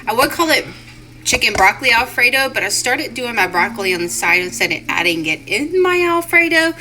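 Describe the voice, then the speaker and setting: A woman's voice: a little high, animated, brisk, sharp tone, low-quality recording. A woman, chatting with viewers in a casual home cooking vlog from her kitchen. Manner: chatty, addresses viewers as y'all and guys.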